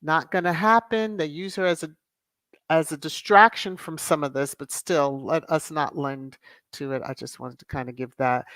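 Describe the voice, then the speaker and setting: A woman's voice: deep voice, dry recording. A woman hosting her own commentary channel, talking casually to viewers with sassy, exasperated asides.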